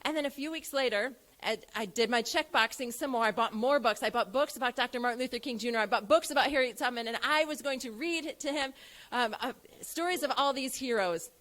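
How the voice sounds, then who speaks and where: A woman's voice: a little high, fairly quick, fairly bright tone. Earnest woman telling a personal story. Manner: earnest, acts out dialogue with her son. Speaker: event speaker. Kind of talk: personal story told to an audience.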